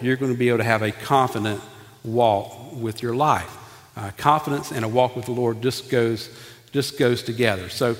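A folksy pastor delivers an animated sermon in his church sanctuary, now and then turning to the congregation with asides. He speaks in a mid-range male voice, and the hall adds a long, lingering reverb.

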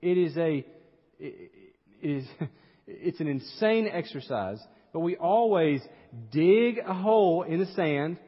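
A middle-aged male pastor delivers an earnest sermon full of rhetorical questions and homely asides. His voice is husky and slightly high. It comes through a dull, muffled recording with a long hall echo. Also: expressive, slow pace.

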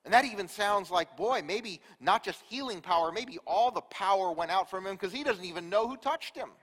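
A man preaching a sermon, telling a story with rhetorical questions and dropping from loud to quiet. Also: high-pitched, lively intonation, normal speed, big-room sound. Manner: storytelling, rhetorical questions, big swings in loudness.

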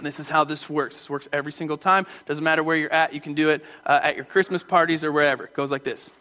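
High-voiced pastor guy preaching in church, lively, acts out little voices, gets the crowd going. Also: quick pace, a little hiss or hum. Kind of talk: sermon.

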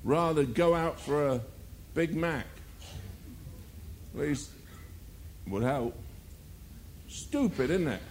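A man's voice: on the high side, slow pace, pauses often, a little hiss or hum. A male preacher delivering a sermon, firing rhetorical questions and mocking asides.

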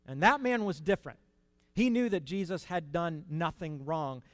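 A man preaching a sermon in an earnest, conversational way, rising to emphatic peaks and dropping to quiet asides. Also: on the high side, normal speed, no room sound.

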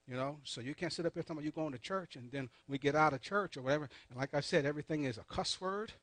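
A man's voice: fairly high pitch, fairly bright tone, no room sound. Emphatic preacher man. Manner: emphatic call-and-response, repeats key points slowly. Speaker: pastor leading a Bible study. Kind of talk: sermon.

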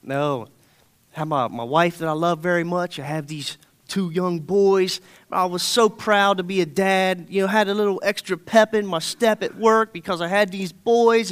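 A man's voice: sits high, moderate pace, a bit bright. A man in his thirties preaching a sermon, folksy and conversational, often checking in with the congregation. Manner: folksy, storytelling, often asks okay?.

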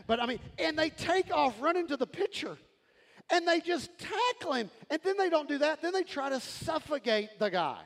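A man preaches with a high, gravelly voice. His sermon is animated, and he often breaks into shouts. A long reverb from the sanctuary and a faint congregation sit behind him. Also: normal speed. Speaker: pastor. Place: large church sanctuary. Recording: crowd in a reverberant church hall.

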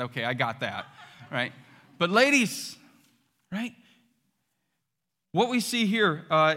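A man preaching a sermon as pastor, animated and acting out quotes with loud outbursts. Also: sits high. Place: church sanctuary. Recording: long hall reverb.

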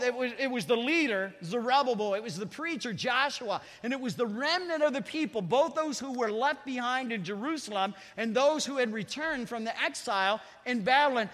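A male pastor preaching a sermon, building to loud, shouted climaxes and leading the congregation in repeated phrases. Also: very high-pitched. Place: church sanctuary. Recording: long reverb of a church hall.

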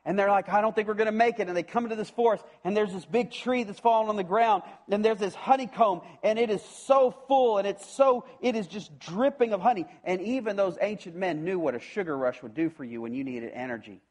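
A man preaching a sermon, retelling a scripture story in an animated way and acting out the voices of its characters. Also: high-pitched, a little fast, hardly any pauses. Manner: animated storytelling, acts out voices, frequent restarts. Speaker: pastor.

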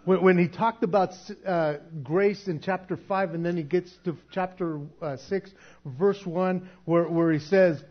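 A man with a fairly high voice leads a casual Bible teaching, talking it through conversationally and stumbling over repeated words. The recording is dull and lo-fi. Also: steady tone, a little slow. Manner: conversational, repeats words, laughs at his own points.

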